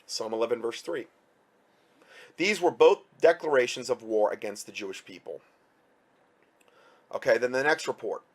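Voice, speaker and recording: A man's voice: medium pitch, normal speed, long pauses. Sarcastic man ranting over news. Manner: sarcastic and heated. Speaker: commentator. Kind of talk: reading news reports with commentary.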